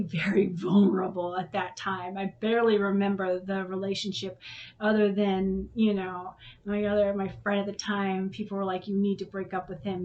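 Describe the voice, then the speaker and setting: A woman hosting a vlog, telling a personal story to her son in a frank, emotional way and swearing when upset. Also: mid-range voice.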